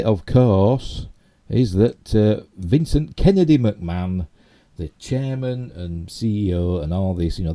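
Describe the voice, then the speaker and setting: Man, Yorkshire accent, middle-aged, low voice, slightly hoarse, rambling chatty live-stream host. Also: dark tone. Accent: Yorkshire English. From Yorkshire, England. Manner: rambling, chatty, with many fillers and self-asides. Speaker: channel host. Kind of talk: casual live-stream commentary.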